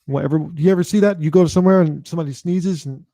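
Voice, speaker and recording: A man's voice: fairly high pitch, very fast, creaky, dark tone, dry recording, clean studio sound. A man hosting his own show, talking casually and loosely to the audience, with plenty of swearing and repeated phrases. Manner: loose, profane, repeats himself. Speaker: host. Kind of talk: casual talk to camera.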